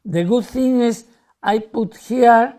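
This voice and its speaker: A man, a magician, explaining a card trick in lively, broken English and acting out how spectators react. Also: very high-pitched, slow.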